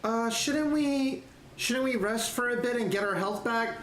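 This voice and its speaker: A man's voice: very high voice, measured pace, a bit bright, echoey room, slight background noise, voice pushed up. A man voicing a timid young male night elf druid in a fantasy game, speaking hesitantly. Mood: meek. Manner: hesitant, meek.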